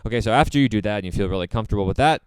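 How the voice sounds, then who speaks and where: A man teaching drums, explaining a practice method step by step in a relaxed way, with many fillers. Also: on the low side, very fast, smooth, dry recording. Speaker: drum teacher. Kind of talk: casual instructional talk.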